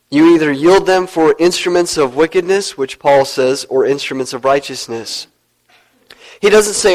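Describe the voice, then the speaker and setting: Casual: pastor guy preaching, kinda high voice, earnest, goes low and slow on big points. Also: rough recording. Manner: earnest, storytelling preacher who drops low to stress points. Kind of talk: sermon.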